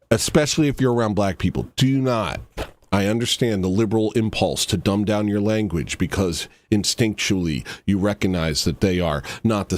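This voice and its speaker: A man hosting a livestream, reacting to a video with rambling, mock-serious satirical commentary that trails off into asides. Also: fairly low pitch.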